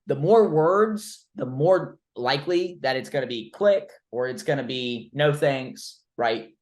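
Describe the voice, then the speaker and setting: A man's voice: mid-range voice, a little slow. A man coaching a trainee through cold-call role-play, blunt and informal, with the odd swear word. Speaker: recruiting coach.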